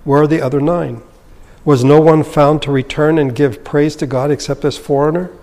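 A man's voice: fairly high pitch, fairly even intonation, moderate pace, darkish tone, long reverb tail. A man leading a Bible study, reading scripture aloud and then explaining it in a conversational way. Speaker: Bible teacher.

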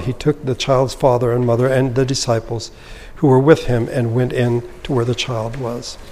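A man's voice: medium pitch, dark tone. Man teaching a Bible lesson, reverberant room. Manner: reads scripture aloud, then comments in a conversational, explanatory way.

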